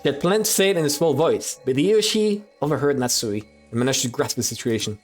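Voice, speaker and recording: A man's voice: medium pitch, fast, soft background music. A man streaming himself reading a visual novel aloud, switching between narration and casual, swearing commentary.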